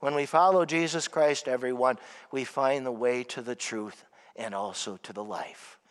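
A man preaching a sermon as pastor, often asking the congregation questions and swinging between loud emphasis and quiet reflection. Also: medium pitch, normal speed. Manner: asks the congregation questions, rising and falling emphasis. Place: church. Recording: long church reverb.

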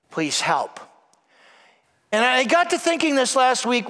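A man preaching a sermon at Mass, swinging from loud, animated retellings to hushed, near-whispered lines. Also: sits high, big-room sound. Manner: dramatic shifts from loud to hushed, acts out voices. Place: church.

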